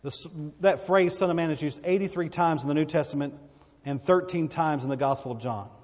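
A man's voice: a little high, a little fast, a little mellow. A pastor delivering an emphatic sermon in a church, often repeating words as he builds his point. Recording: reverberant hall.

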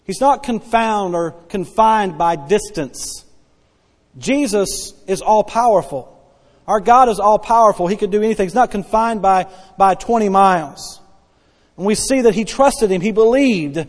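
A man in his forties preaches to a congregation, repeating phrases for emphasis and slowing down to draw out scripture. His voice sits high for a man. The church hall gives every line a long, ringing echo. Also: lively intonation. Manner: repeats key phrases for emphasis, drawls Bible quotes slowly. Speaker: pastor. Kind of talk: sermon.

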